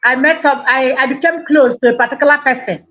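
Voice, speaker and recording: Nigerian woman calling in, high voice, slow and hesitant, dull muffled line. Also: steady tone, a bit bright. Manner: hesitant, halting. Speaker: caller. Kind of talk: call-in story.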